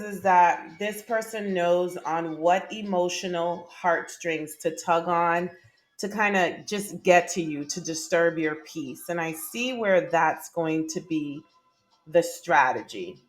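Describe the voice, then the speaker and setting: A woman's voice: fairly low pitch, takes it slowly, faint music behind. A woman doing a casual tarot reading to camera, chatty and emphatic, often laughing. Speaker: tarot reader.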